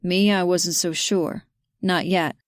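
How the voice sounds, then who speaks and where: A woman's voice: fairly low pitch, slow pace, no echo. Woman narrating a romance audiobook, dry. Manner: lively, gives characters their own voices.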